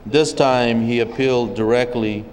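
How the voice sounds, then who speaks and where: Slow, deliberate man in a reverberant chamber. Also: medium pitch, fairly even intonation, a little mellow, slight background noise. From O'odham community, Arizona. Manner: measured storytelling, occasional restarts. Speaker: forum speaker. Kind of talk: spoken history talk at a public forum. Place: legislative chamber at a state capitol.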